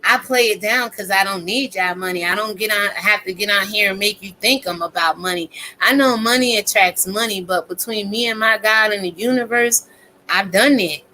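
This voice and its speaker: A woman's voice: fairly high pitch, a bit bright, a little hiss or hum, poor audio. A woman content creator ranting casually to her viewers, blunt, profane and preachy.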